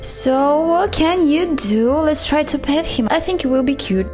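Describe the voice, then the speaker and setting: Woman let's-play host, unhurried and a bit high, chatty and teasing. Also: animated, over loud music. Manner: chatty, playful, talks to her pet like a baby. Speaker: gaming YouTuber.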